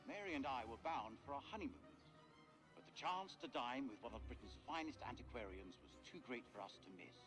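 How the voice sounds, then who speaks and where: A man's voice: mid-range voice, expressive, a little fast, lightly acted. An actor reading a posh British man's expedition journal as scripted game narration. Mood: measured. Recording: game audio under loud music.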